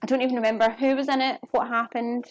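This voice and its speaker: Woman, home cook streaming live, chatty and easy, a bit higher pitched, faint music under her. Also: little pitch movement, fast talker, no room sound. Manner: chatty, talks to viewers while cooking. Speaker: cooking streamer. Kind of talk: casual live cooking chat. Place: home kitchen.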